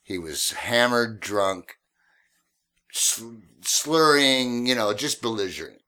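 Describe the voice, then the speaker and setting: A man's voice: medium pitch, takes it slowly, smooth. A man telling a casual story about his days driving a cab, laughing often and acting out the people in it. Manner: animated, laughs often, acts out quoted voices. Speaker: podcast guest telling cab stories.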